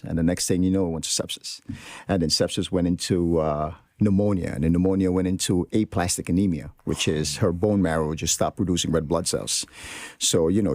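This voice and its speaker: Male podcast guest: deep, gravelly voice, recorded dry, speaks in an earnest, reflective way. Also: darkish tone, no echo. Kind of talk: casual podcast conversation.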